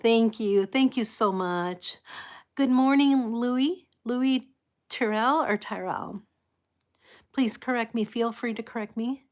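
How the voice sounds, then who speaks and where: A woman hosting a casual live chat with her viewers, soft-spoken and apologetic, greeting people and laughing often. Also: on the high side, unhurried. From United States. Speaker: livestream host.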